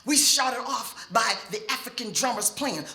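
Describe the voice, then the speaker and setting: A middle-aged woman telling a personal story on stage before an audience, expressive and speaking straight to the listeners. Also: a little high, moderate pace. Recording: echoey hall.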